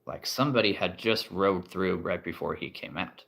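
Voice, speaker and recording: A man running a tabletop role-play game as game master, playful and quick to chuckle as he addresses his players. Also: low voice, vocal fry, fairly bright tone.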